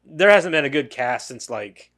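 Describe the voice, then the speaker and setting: In a casual podcast chat, a male co-host speaks with a slightly high, lively voice at normal speed, a bit bright. He rambles, leaning heavily on fillers and profanity.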